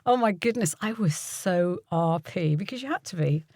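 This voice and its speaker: A woman's voice: fairly low pitch, animated, normal speed, a little mellow, no room sound, clean studio sound. An older woman from the UK, a voiceover artist and coach, telling stories casually in an interview. She acts out the people she quotes and laughs often.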